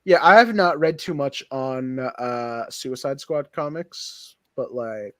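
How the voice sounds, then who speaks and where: A man's voice: medium pitch, slow pace, a bit bright, no room sound. A man chatting casually on a podcast as co-host, rambling with frequent laughs and acted-out quotes. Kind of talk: casual chat.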